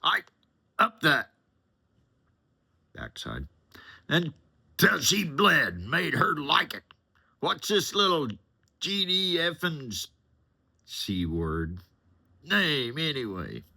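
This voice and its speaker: A man's voice: expressive, unhurried, creaky, sharp tone, husky, exaggerated voice. Man mimicking a sneering rich passenger. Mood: ranting, vulgar. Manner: barking, sneering, high-strung. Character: arrogant, foul-mouthed rich male passenger, contemptuous.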